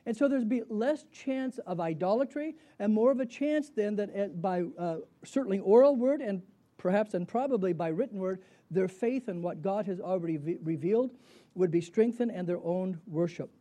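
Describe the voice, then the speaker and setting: A man's voice: high-pitched, animated, normal speed, mellow. A middle-aged man teaching a Bible class in a conversational way, asking his students questions and answering them himself. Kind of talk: Bible study lecture.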